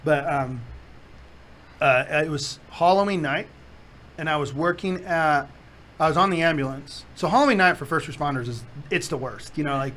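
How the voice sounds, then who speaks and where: Hosting a podcast, a man with a voice on the high side talks at an ordinary pace. He tells stories conversationally and with energy, acting out quotes and breaking into laughter often.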